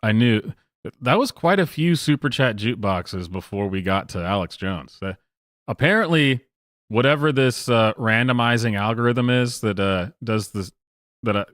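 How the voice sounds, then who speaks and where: A man's voice: fairly low pitch, a bit bright, dry recording, clean studio sound. A man hosting a casual live-stream, talking in a rambling, mocking way with lots of fillers and laughs. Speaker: streamer host.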